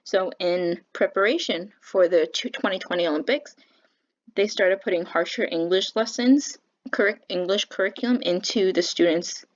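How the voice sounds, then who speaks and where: Young woman giving a flat class presentation. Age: young adult. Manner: halting, with fillers and self-corrections; says she speaks with a flat pitch. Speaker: education student presenting. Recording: dull lo-fi recording.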